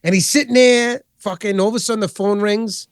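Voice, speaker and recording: A man's voice: sits high, a little fast, clean tone, dry recording, clean studio sound. A man co-hosting a podcast, chatting casually about movies and retelling scenes with lots of swearing and energy. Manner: profane, animated retelling of scenes. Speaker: podcast co-host.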